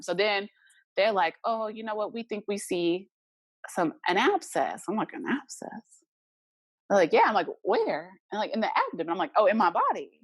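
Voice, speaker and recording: With a mid-range voice and no room sound, a woman being interviewed recounts a personal story in a casual, animated way, imitating the people who appear in it.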